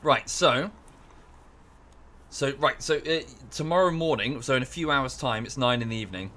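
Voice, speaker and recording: A man's voice: medium pitch, moderate pace, bright, forceful tone. A young English man chatting casually with his stream chat while playing a strategy game, often correcting himself mid-sentence. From England. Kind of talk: casual livestream chat over gameplay.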